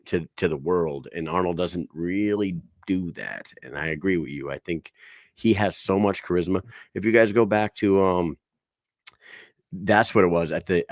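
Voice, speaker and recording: A man's voice: low voice, dry recording, studio quality. A man co-hosting a sports podcast, telling rambling, profane stories and correcting himself as he goes. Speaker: podcast co-host. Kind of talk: casual sports podcast chat.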